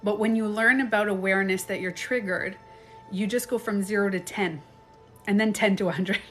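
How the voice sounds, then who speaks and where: A woman talking casually on a live stream as a coach, chatty and animated. She acts out quoted phrases and laughs often. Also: medium pitch, moderate pace, faint music behind. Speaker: life and beauty coach. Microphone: phone.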